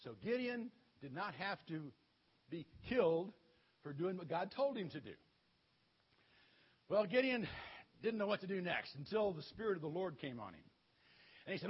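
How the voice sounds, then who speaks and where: A male preacher tells a children's story sermon in an animated, playful way. His voice sits high and leaps about in pitch, with a husky grain. The recording sounds dull and lo-fi. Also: a little slow, long pauses.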